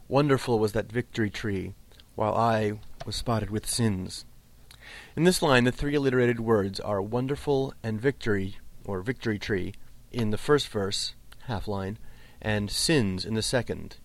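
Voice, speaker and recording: A man teaching a lesson on Old English poetry, explaining patiently and slowing right down to recite the verse. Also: medium pitch, creaky, no echo. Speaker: literature teacher.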